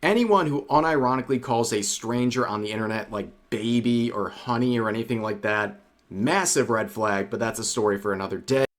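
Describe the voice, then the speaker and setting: Male commentary narrator, scripted delivery, sardonic and wry, mid pitch. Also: brisk, hardly any pauses.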